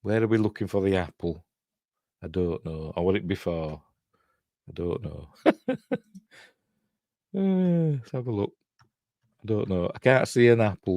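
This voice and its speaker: A middle-aged host from Yorkshire, England, with a Yorkshire English accent, rambles through a casual film breakdown, reading and answering viewers' live chat. His voice is fairly low and darkish with lively intonation, a moderate pace and frequent pauses, recorded with no echo at studio quality.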